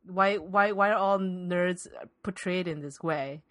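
A woman's voice: fairly low pitch, takes it slowly, a bit bright. A woman co-hosting a comedic podcast, talking emphatically and sarcastically and repeating her words for stress. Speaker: podcast co-host.

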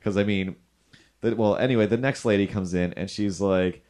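A man's voice: on the low side, fairly even intonation, normal speed, darkish tone. Rambling jokey male podcast host. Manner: rambling, jokey, self-deprecating. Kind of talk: casual chat.

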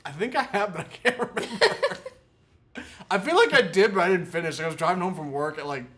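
Dude co-hosting, teasing, lively up and down voice. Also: male voice, high voice, a little fast. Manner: teasing, laughing. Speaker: podcast co-host. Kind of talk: crude casual chat.

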